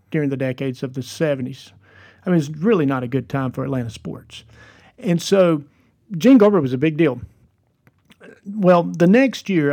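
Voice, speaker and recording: Earnest man with a higher voice. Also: a little mellow. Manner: earnest, encouraging storyteller. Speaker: podcast host. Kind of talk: devotional podcast talk.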